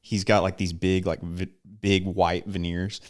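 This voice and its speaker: A Texan man hosts a casual podcast from a home studio, his voice low and deep. The tone is smooth and resonant, and he talks in a relaxed, chatty way, slipping into playful impressions now and then. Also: measured pace. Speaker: podcast host.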